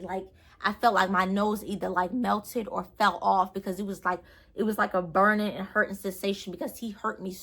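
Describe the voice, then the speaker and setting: A woman's voice: medium pitch, fairly bright tone. A young woman vlogger telling a personal story in a rambling, earnest way, full of fillers and restarts. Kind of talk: storytime vlog.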